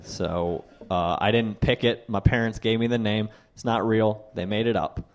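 A young man doing a stand-up set, telling wry stories and acting out other people's lines in quick asides. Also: fairly low pitch, fairly even intonation. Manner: wry storytelling with voiced asides. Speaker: stand-up comedian.

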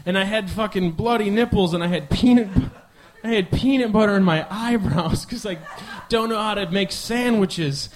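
A man's voice: sits high, moderate pace. A man in his twenties from the Midwest, hosting a live comedy podcast with a rambling, profane, self-mocking monologue. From American Midwest. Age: 20s.

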